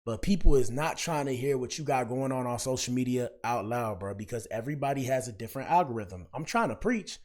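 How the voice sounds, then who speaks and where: A man's voice: mid-range voice, animated, brisk, few pauses. A young man giving casual, preachy reaction commentary in slangy talk, speaking straight to his viewers. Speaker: commentary streamer.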